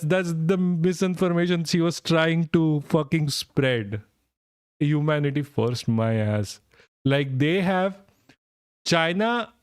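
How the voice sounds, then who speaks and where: A man's voice: a little high, clean tone, dry recording. Sarcastic young male streamer, dry mic. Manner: sarcastic, swearing, laughing in disbelief. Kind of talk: live-stream commentary reacting to news.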